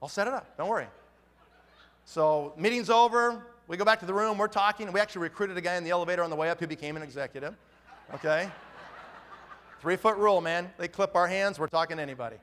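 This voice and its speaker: A middle-aged man with a high voice tells a story from a big hall, and the sound rings with a long reverb. He talks with a lot of animation and acts out each person in the tale. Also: fast talker, fairly bright tone. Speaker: business speaker. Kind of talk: storytelling talk to an audience.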